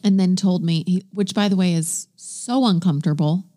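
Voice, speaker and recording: A woman's voice: lowish voice, moderate pace, mellow. A woman co-hosting a podcast in casual comedic chat, telling stories with many fillers. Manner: chatty storyteller with many fillers. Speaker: podcast co-host.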